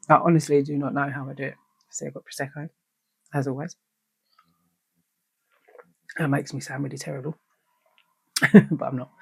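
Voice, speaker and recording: Lively woman telling stories, dry room. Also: low-pitched, dry recording. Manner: animated, swears freely, acts out quoted lines. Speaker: podcast host. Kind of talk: casual storytelling podcast.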